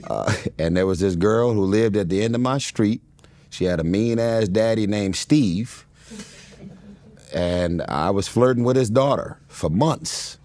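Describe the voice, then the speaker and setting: A man in his forties from Los Angeles, United States, is a guest in a casual interview, telling a long story full of fillers, restarts and frequent laughs. His voice is fairly low and a little mellow, and there's no echo.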